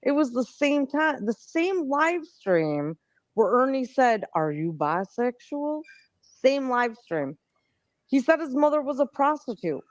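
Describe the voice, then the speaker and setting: A catty woman in her forties trades sarcastic, profane gossip on a livestream panel. She talks slowly, her pitch swinging widely, and the sound is dry. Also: big pitch swings, dry recording. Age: 40s. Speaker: panel guest.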